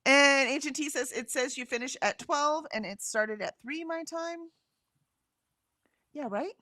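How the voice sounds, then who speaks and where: A woman's voice: high voice, measured pace, pushed and bright, no echo, studio quality. A woman co-hosting a casual livestream, reading chat comments aloud and chatting, often laughing and trailing off mid-sentence.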